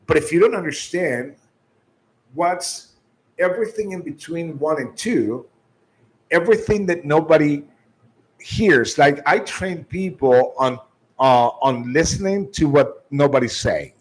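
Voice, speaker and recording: A man's voice: a little high, animated, measured pace, breathy edge, poor audio. A man giving sales training, emphatic, restarting often and shifting his tone and volume to demonstrate.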